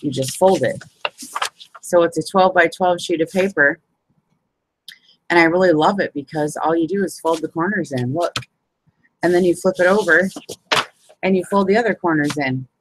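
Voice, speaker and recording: A woman's voice: lowish voice, normal speed, long pauses, a little hiss or hum, rough recording. A woman hosting a casual live crafting hangout, chatting as she shows paper folds and greets viewers. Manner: chatty, fills with "you know what I mean". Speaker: crafting group host.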